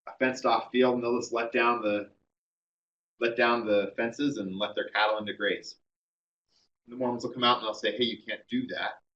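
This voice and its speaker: A man's voice: medium pitch, sharp tone, far from the mic, highs cut off. A man giving a classroom history lecture, telling the story conversationally with many ums and uhs.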